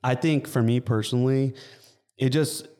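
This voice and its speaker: A man's voice: mid-range voice, normal speed. A man co-hosting a casual podcast chat, talking loosely with lots of fillers. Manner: relaxed, loose, full of fillers like "like" and "you know". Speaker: podcast co-host.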